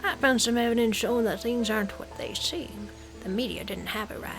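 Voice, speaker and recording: A woman voicing a hard-boiled male gumshoe reading his case notes in a clipped, brisk way. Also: fairly high pitch, music in the background, natural voice, poor audio. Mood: brooding.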